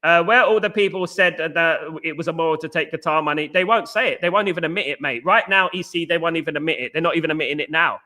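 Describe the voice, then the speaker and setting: Man, high-pitched, bright, argumentative, live-stream host. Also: quick pace, few pauses. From East London. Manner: animated, argumentative, repeats "at the end of the day"; addresses chatters by name. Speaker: podcast host reading live chat. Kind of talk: casual live-stream commentary.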